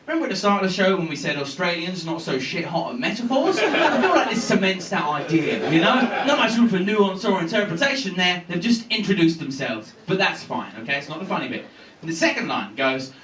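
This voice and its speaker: High, lively comic on stage. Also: male voice, moderate pace, a little hiss or hum. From England. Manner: animated, sweary storytelling with sung snippets. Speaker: stand-up comedian. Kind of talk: live stand-up set. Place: comedy venue with live audience. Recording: echoey bootleg audio from a distance.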